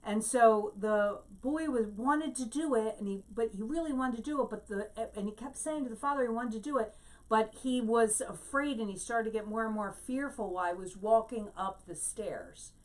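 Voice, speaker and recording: A woman giving a Bible teaching, explaining Hebrew words slowly and telling a story to make her point. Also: a little high, far from the mic.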